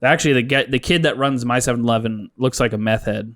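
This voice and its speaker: A man's voice: mid-range voice, quick pace, a bit bright. A young man co-hosting a comedy podcast, ranting and swearing in casual chat. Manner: ranting, profane, exasperated. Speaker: podcast co-host.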